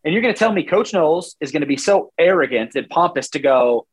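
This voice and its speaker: A man's voice: on the high side, expressive, quick pace, slightly rough. A man in his forties, a former player now analyzing football in casual talk, rambling animatedly and acting out what coaches would say.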